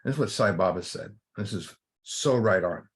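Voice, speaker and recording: A man's voice: on the low side, lively intonation, moderate pace. A man leading a recovery workshop, giving an informal spiritual talk in a rambling way, full of fillers and restarts.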